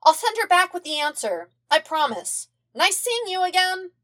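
An eager twelve-year-old boy chirps with earnest excitement, as a woman reads him in a podfic. His voice sits high and leaps around, bouncy and full of enthusiasm. It sounds like a storybook kid hero. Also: moderate pace, full character voice. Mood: cheerful. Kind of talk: podfic character voice.

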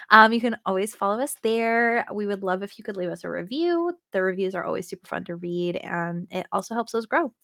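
A woman's voice: fairly low pitch, creaky, fairly bright tone, no room sound, studio quality. A woman hosting a casual podcast, chatting in a giggly way with lots of "like" and "um". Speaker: podcast host.

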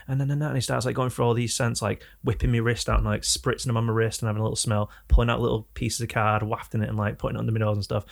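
Young northern English man, Oldham accent, gravelly, rambling storyteller co-host of a casual podcast. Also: mid-range voice, flat delivery, very fast, hardly any pauses. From England. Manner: rambling anecdotes, self-correcting. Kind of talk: casual chat.

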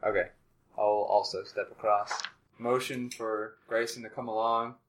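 A man's voice: on the low side, fairly even intonation, moderate pace, a bit bright, a little hiss or hum. A man playing a tabletop game, joking and playful. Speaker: player. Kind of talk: casual tabletop game chat.

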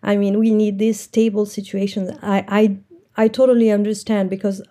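A woman's voice: medium pitch, little pitch movement, normal speed, warm tone. A woman, an entrepreneur, earnestly recounting a personal story from her working life.

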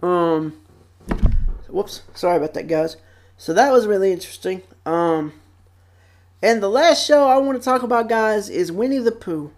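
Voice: medium pitch, expressive, moderate pace, pauses often. Young vlogger, casual rambling chat, full of fillers and repeats, close mic. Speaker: vlog host. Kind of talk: casual chat about childhood TV shows. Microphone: close microphone.

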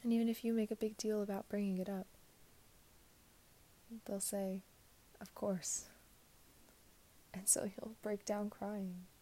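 Young woman, mellow tone, reflective monologue slipping into whispers. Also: medium pitch, flat delivery, a little slow, long pauses. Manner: soft, drifting in and out of whisper.

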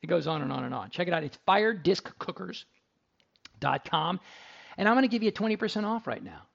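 Gravelly, high-voiced middle-aged radio host. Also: male voice, big pitch swings, brisk, highs cut off. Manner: chatty, jokey storyteller. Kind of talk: casual radio talk and ad read.

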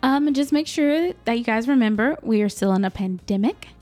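A woman's voice: a little high, animated, brisk, darkish tone. A young woman co-hosting a podcast, blunt and casual, swearing freely. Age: young adult. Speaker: podcast co-host. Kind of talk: casual chat.

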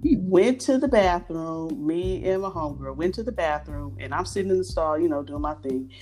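A woman's voice: deep voice, normal speed, faint music behind. A woman telling stories in a casual chat, acting out the voices of the people she quotes. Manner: animated, acts out quoted voices.

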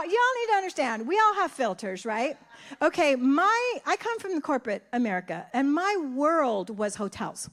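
An older woman giving a sermon, telling stories lively and acting out conversations in different voices. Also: sits high, moderate pace. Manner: animated, acts out conversations in voices. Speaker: church speaker. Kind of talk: sermon storytelling.

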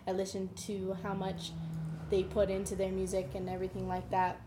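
A woman in a casual group discussion, speaking haltingly with restarts. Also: mid-range voice, completely flat delivery, noisy background. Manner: halting, many fillers and restarts. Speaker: discussion participant.

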